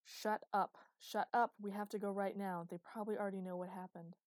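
A woman's voice: mid-range voice, steady tone, fairly quick, no echo, natural voice. A woman voicing a panicked young male officer who pushes urgently and insistently. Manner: urgent, pressing, forceful.

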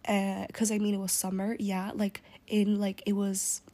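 Young woman venting about a friend, mellow voice, drops into whispers, lots of "like". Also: medium pitch, completely flat delivery, normal speed, hardly any pauses. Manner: rambling, swears, many "like" fillers. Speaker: storyteller. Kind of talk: casual storytime, partly whispered.

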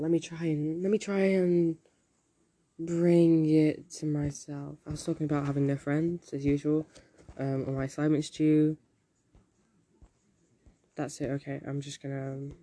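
A teenage boy with a mellow, slightly high voice rambles through a casual solo podcast. He swears often, jokes at his own expense, and hops from one topic to the next.

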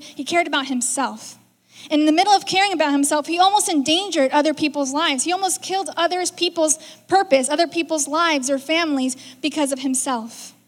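High-voiced woman preaching in a hall. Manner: conversational, acts out quoted lines. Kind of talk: sermon. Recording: reverberant hall.

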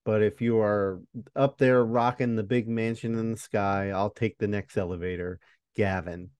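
A man's voice: on the low side, steady tone, normal speed, a little mellow, clear, resonant tone, no room sound. A man co-hosting a podcast, chatting casually and reading listener stories with a profane, joking manner. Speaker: podcast co-host.

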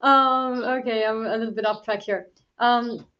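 Woman, fairly high voice, astrologer, hesitant, muffled video call sound. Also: fairly even intonation, normal speed. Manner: hesitant, many fillers. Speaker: astrologer and co-host. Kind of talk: casual chat on a video call.

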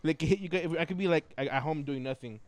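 A man's voice: on the high side, fast. A young man co-hosting a podcast, rambling in casual chat with many restarts. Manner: rambling, full of likes and restarts. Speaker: podcast co-host.

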